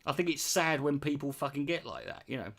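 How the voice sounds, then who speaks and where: A man's voice: a little high, very animated, brisk, creaky, a bit bright. A British man in his forties, ranting bluntly and sarcastically with heavy swearing while answering his chat. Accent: British English. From Britain.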